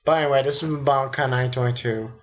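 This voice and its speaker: Excitable, profane young man reviewing anime. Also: fast, highs cut off, slight background noise. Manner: excitable and profane, rambling, jumps into shrill disbelief. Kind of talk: casual webcam review rant.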